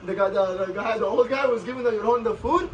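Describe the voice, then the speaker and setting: A man's voice: high-pitched, fast, far from the mic, lo-fi sound, slight background noise. A man vlogger casually retelling a story, switching back and forth between English and Spanish.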